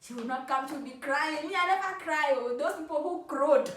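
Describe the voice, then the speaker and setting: A Ghanaian woman in her twenties telling funny personal stories to camera in a playful, animated way, laughing often. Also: sits high, brisk. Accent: Ghanaian English. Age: 20s. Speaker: vlogger. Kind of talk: casual storytelling to camera. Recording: roomy, from a distance.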